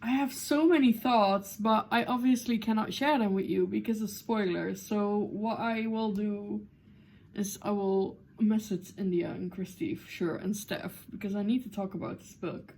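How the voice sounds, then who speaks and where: A woman book vlogger talking casually to her camera, excitable and swearing freely between fillers. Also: mid-range voice, moderate pace. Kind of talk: casual chatty vlog to camera. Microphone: camera mic.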